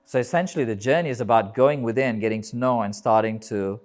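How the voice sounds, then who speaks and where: A man's voice: lowish voice, fairly quick, hardly any pauses. A man giving a talk as a yoga teacher, emphatic, building rhythmic lists and swearing casually. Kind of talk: live motivational talk. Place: yoga festival talk, indoors.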